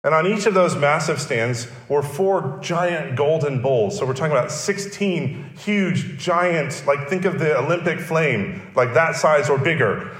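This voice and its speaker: A man's voice: on the high side, expressive, unhurried, hardly any pauses, fairly bright tone. A male pastor preaching a sermon, explaining and repeating key phrases for emphasis. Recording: echoey church hall.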